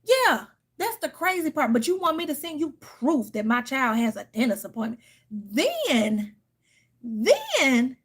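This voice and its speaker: Woman, thirties, heated and profane, tired and irritated, fairly high voice. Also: breathy edge. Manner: heated, profane, animated storytelling with quoted outbursts. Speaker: tarot reader and channel host. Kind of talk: casual venting story to viewers.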